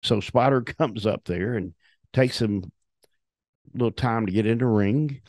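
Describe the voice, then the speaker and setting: A man's voice: on the low side, a little slow, a little mellow, dry recording, studio quality. An older man, a retired wrestler telling profane stories as an interview guest, acting out the quotes. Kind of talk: storytelling in a shoot interview.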